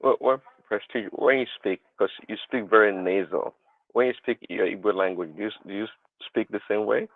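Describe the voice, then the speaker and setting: Man, very deep voice, measured questions, tinny phone-like sound, dry. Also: no room sound. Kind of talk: casual talk show chat.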